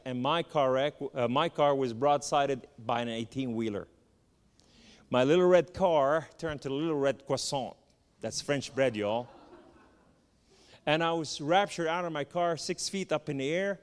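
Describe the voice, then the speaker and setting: A man from the Middle East giving a spoken testimony, telling his story with animated, emphatic lists. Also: medium pitch, clear, resonant tone. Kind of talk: testimony sermon. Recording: long hall reverb.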